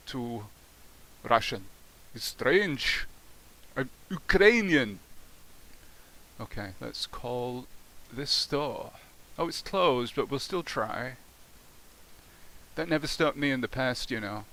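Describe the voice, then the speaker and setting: A man making prank phone calls in a deadpan, mock-polite way, then chatting casually to his listeners. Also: medium pitch. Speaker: prank caller and host. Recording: faint hiss behind the voice.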